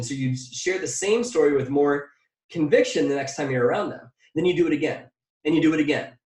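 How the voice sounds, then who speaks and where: Energetic male coach in an echoey room. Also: a little high. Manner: energetic, asks the audience direct questions; drills phrases by repetition. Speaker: mindset coach. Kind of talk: motivational workshop talk. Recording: echoey room, distant mic.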